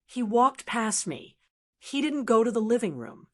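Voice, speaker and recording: Calm older woman storyteller. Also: fairly high pitch. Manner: calm, measured. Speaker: narrator. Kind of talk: storytelling narration.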